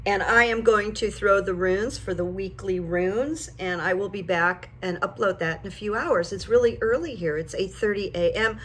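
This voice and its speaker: A woman's voice: medium pitch, normal speed, hardly any pauses, slight background noise. Chatty older woman vlogging. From United States. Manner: chatty, storytelling, animated when retelling. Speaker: vlogger and psychic coach. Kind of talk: casual talk to camera.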